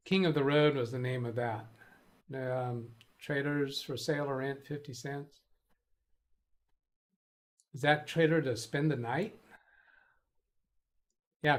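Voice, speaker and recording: A man hosting a casual live stream, rambling as he reads chat messages aloud and answers them. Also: medium pitch. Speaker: host of a live tech stream.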